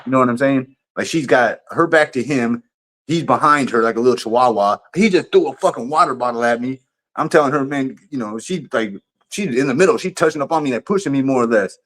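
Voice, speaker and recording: A man on a livestream tells a story casually in an ordinary middle-pitched voice. His delivery is profane and animated, and he rambles and restarts his sentences often. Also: fairly quick.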